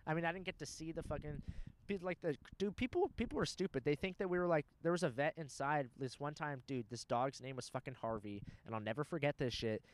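A man's voice: fairly high pitch, fast talker. A young man telling rambling, profane stories in casual chat. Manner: animated, profane storyteller.

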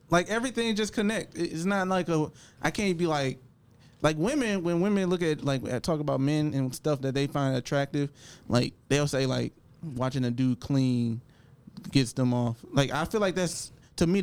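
A man's voice: fairly high pitch, moderate pace, a little mellow, clean tone. A man co-hosting a casual podcast chat, rambling and circling back to the same point. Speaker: podcast co-host.

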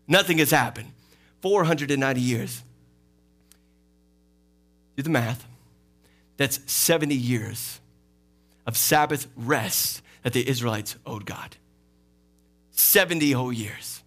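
A man preaching a sermon as pastor, lively and playful, acting out quoted voices and laughing often. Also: medium pitch, slow pace, long pauses, soft background music. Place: church sanctuary.

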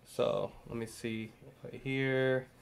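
A man hosting a casual stream while opening trading cards, rambling and halting with lots of fillers and restarts. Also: mid-range voice, little pitch movement, gravelly, clean tone.

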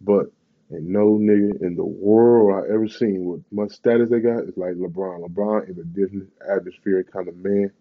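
A man's voice: sits low, steady tone, moderate pace, phone-quality sound. A man, ranting in a profane, rambling, slang-heavy way in a casual vlog. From Bay Area, California. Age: 30s.

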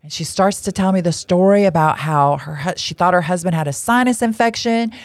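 Lady telling a long story, chatty and laughy, kinda low voice, no room echo. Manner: chatty, rambling, quick to laugh. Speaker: ministry leader and podcast host. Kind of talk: casual storytelling talk.

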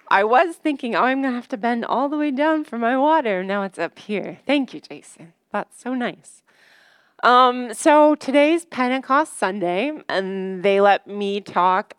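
A woman in her thirties gives a casual sermon to a church gathering. She is chatty and self-deprecating and laughs easily at her own jokes. Her voice is dry and close, with no room echo. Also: medium pitch. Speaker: church speaker.

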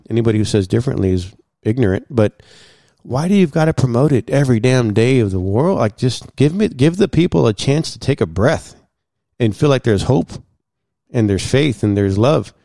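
A man guest in casual storytelling, animated, acting out what others said and using many fillers. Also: mid-range voice, a little fast, creaky, no room sound, studio quality. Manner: animated, acts out quoted dialogue, many fillers.

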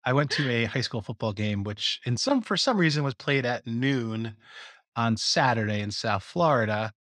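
A man co-hosting a podcast, trading dry, deadpan jokes in easy conversation. His voice sits in a middle pitch and the recording is close and dry. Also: normal speed, no echo. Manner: dry, joking, deadpan asides. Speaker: podcast co-host. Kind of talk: casual chat.

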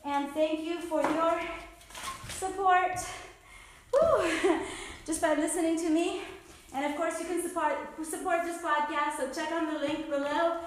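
A woman podcast host with a very high-pitched, fairly evenly intoned voice talks at a moderate pace, out of breath while exercising. She chats upbeat and encouragingly, cheering herself on, in a reverberant space with slight background noise.

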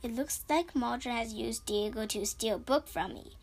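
A woman reads out a stern old wizard teacher in a children's storybook, a man who shouts in alarm and then speaks gravely of danger. His voice sits fairly high. It is read with only a light change from the reader's own voice. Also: normal speed.

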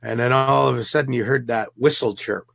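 A man's voice: mid-range voice, fairly even intonation, a little fast, gravelly, very noisy. A man from the Pacific Northwest, a guest telling a vivid first-hand story and acting out the people in it. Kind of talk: storytelling an encounter.

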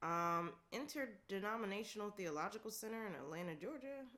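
A woman with a bright, forceful voice reads through a long list in a relaxed, casual way. She keeps a steady rhythm, laughs often, and drops in offhand asides. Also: medium pitch, brisk. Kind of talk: casual reading of a list aloud.

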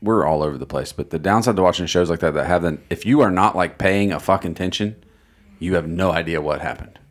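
Low husky-voiced American man chatting. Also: fast talker. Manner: rambling, swears often, laughs at own jokes. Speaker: podcast co-host. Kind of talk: casual podcast chat.

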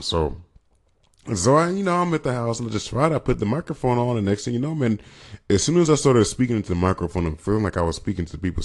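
A young man hosting his own podcast, chatting casually from California, rambling and joking as he corrects himself. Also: sits low. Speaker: podcast host. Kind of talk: casual chat.

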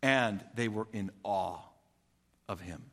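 A man preaching a sermon, retelling a story in an animated, conversational way that swings between loud and soft. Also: on the low side, takes it slowly, vocal fry, in a large hall.

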